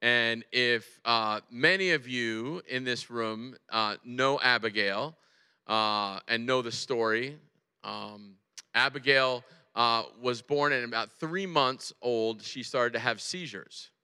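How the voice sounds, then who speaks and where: A man in his forties preaching a sermon in a large hall, conversational and animated, often checking in with his listeners. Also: medium pitch, slow pace, clear, resonant tone. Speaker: pastor. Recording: long hall reverb.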